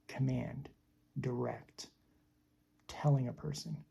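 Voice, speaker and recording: A woman speaks as a spiritual teacher, unhurried and deliberate, often repeating a phrase to let it land. Her voice is heavily gravelly with a very dark, mellow tone. It sounds breathy and husky throughout. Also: extremely low pitch, steady tone. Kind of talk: slow reflective teaching monologue.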